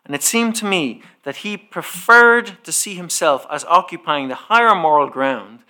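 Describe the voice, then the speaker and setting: A man preaching a sermon, telling a personal story and acting out the dialogue as he goes. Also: a little high. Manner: animated storyteller who acts out the dialogue.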